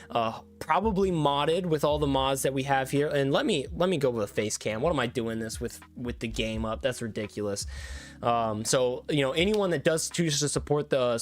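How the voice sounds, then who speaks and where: A young man talking casually to his stream from his room at home, thanking viewers at length in a rambling, effusive way with many restarts. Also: mid-range voice. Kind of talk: casual livestream sign-off chat.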